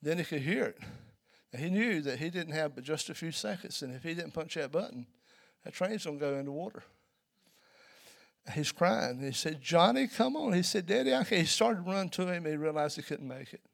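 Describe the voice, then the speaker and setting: A man preaching a sermon in a church, telling a story and building to loud, emphatic peaks. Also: on the high side, a little fast, creaky.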